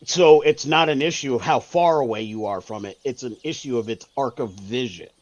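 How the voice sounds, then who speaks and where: A man's voice: medium pitch, normal speed, no echo, muffled recording. A man playing a tabletop game, explaining a plan step by step. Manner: methodical, explains plans step by step. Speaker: player.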